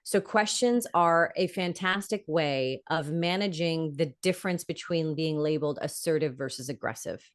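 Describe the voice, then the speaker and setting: A woman's voice: sits low, normal speed, hardly any pauses. A middle-aged woman, a guest expert in an interview, explaining emphatically and acting out example questions. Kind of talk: conversational interview.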